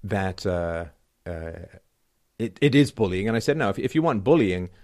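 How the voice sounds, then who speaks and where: A middle-aged man hosting his own show, delivering a sarcastic, emphatic solo commentary that swings between loud and quiet. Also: on the low side, expressive, moderate pace. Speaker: show host. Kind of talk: solo political commentary rant.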